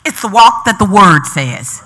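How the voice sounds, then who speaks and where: A woman's voice: mid-range voice, very animated, measured pace, pushed and bright. A woman preaching a sermon in a call-and-response style, repeating phrases with rising emphasis.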